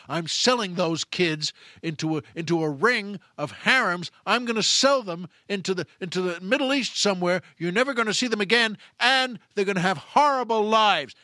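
A man's voice: medium pitch, no echo, clean studio sound. A man playing a bullying crime boss on the phone, who barks threats and orders. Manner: threatening, bullying, pushy commands.

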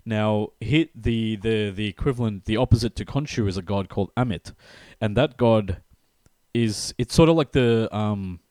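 A man's voice: fairly low pitch, moderate pace, darkish tone, no room sound. A man in casual chat who laughs often and stammers, repeating words as he starts a thought.

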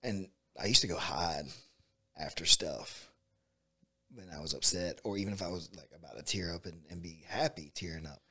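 A man who coaches jiu-jitsu and MMA, talking in a relaxed, rambling way and often saying "dude" and "like". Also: deep voice, moderate pace, breathy edge. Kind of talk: casual conversation.

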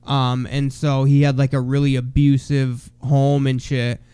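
A man's voice: medium pitch, monotone, a little slow, mellow, clear, resonant tone, dry recording. A young man co-hosting a podcast, telling stories in a loose, profane, casual chat full of "bro" and "dude". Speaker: podcast co-host.

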